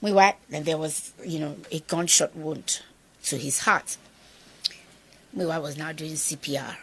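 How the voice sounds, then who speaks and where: A middle-aged Nigerian woman telling a personal story in an interview, animated and acting out the dialogue of the people in it. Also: deep voice, measured pace, vocal fry, slightly rough. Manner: animated, acts out quoted dialogue. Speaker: guest.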